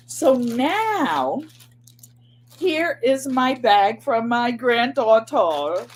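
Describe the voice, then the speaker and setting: Older woman, crafts channel host, slow and rambling casual chat, breathy voice. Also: a little high, big pitch swings. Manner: rambling and chatty, repeats phrases.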